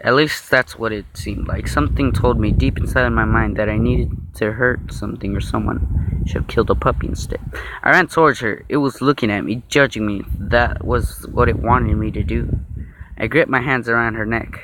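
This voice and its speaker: Male reader for a mock-serious horror story read, mid-pitched voice, joking asides, noisy home recording with clicks. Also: fairly even intonation, moderate pace. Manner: joking asides and laughs between narration.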